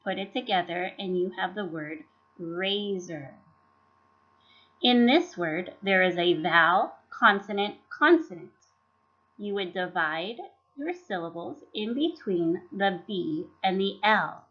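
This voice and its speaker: This woman speaks slowly in a mid-range voice with lively intonation, carefully sounding out syllables and words. It's a scripted teaching presentation by a teacher running professional development, narrated over slides on a dull lo-fi recording.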